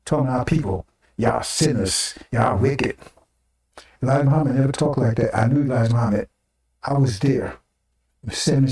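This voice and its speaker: With a mid-range, somewhat mellow voice, an older man gives a casual sermon broadcast. His talk is rhetorical, full of repeated phrases and tag-ons like "right?" and "see?", recorded from a distance in an echoey room.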